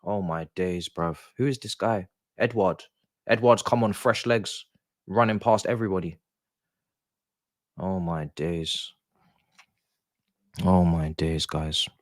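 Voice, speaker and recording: A man's voice: low voice, a little slow, no room sound. A young man, streaming a football watch-along and reacting with sighs, swearing and exasperated grumbling. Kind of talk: live match reaction.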